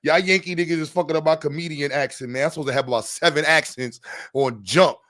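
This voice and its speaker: A rather high-voiced man with a New York accent hosts a casual podcast. His banter is profane, joking and rapid. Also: fairly even intonation, fairly bright tone. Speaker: podcast host. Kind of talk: casual chat.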